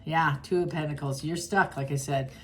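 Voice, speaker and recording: A woman's voice: low-pitched, steady tone, moderate pace, background noise. A woman giving a casual tarot reading straight to her viewers, chatty and blunt, often restarting her sentences. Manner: chatty and blunt, with frequent restarts and sudden laughs. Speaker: tarot reader.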